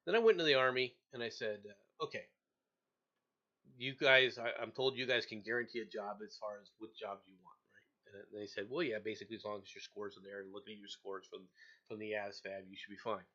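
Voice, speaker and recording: A man's voice: lowish voice, a little fast, highs cut off. A middle-aged man hosting a casual chat, telling a long story with lots of repeated words and acting out the people he quotes. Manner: animated, acts out quoted voices, laughs often, repeats words. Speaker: show host.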